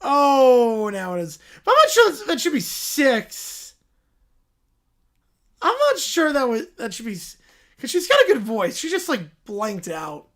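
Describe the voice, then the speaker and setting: A man's voice: extremely high pitch, fairly bright tone. A man hosting a livestream, reacting aloud in casual chat and thanking viewers. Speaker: livestream host.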